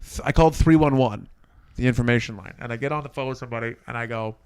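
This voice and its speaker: A man co-hosting a casual podcast, telling a neighbor story with lively play-acting of each person. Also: mid-range voice, fast talker, clean tone, no room sound. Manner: animated storyteller, acts out neighbors with a put-on accent. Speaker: podcast co-host. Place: city apartment.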